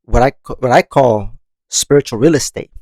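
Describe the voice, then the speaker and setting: Speaking at normal speed, the host has a medium-pitched, slightly mellow voice, recorded dry. He leads a monthly meditation podcast, chatting casually about growth with lots of laughter and casual swearing.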